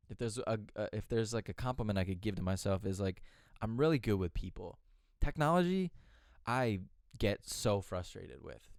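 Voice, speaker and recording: Male podcast host, low smooth voice, candid and profane, rambling storyteller. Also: a little mellow, no room sound, studio quality.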